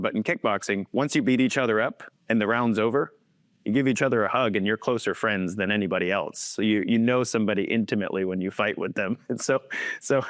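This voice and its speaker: A man in his thirties with a lowish voice, recorded dry and at studio quality, appears as a guest. He's a faith-based coach who earnestly shares personal stories in conversation, chuckling often as he goes.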